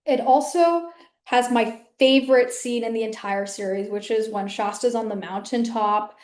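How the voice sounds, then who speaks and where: Recorded in an echoey room, this woman hosts her own video and chats to the camera in a rambling way, full of fillers and restarts. She speaks at a moderate pace in a fairly high, slightly mellow voice.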